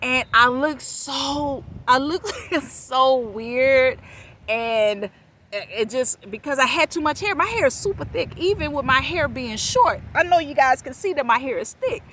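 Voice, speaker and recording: A woman vlogger telling a personal story to camera outdoors, animated and laughing often as she talks to her viewers. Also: high voice, unhurried, low-quality recording. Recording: outdoor noise with passing traffic. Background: outdoor ambience and vehicles.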